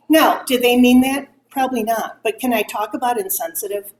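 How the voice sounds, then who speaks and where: Speaking fairly quickly in a slightly high voice, a middle-aged woman shares her grief honestly with a gathering of mothers. She brings quoted remarks to life with animated delivery. The room echoes, with faint ambience.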